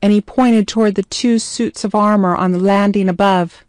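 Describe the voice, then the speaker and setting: A woman narrating a scripted story in a measured, clear way. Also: mid-range voice, steady tone, a little mellow, dry recording, clean studio sound.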